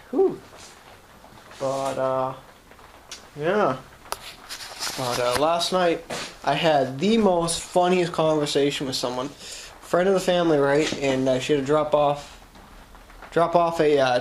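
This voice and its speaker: A man's voice: on the high side, slight background noise. A young man with a Boston accent chatting casually to camera from his shop, rambling and swearing as he jokes. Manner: rambling, profane, jokey. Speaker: vlogger.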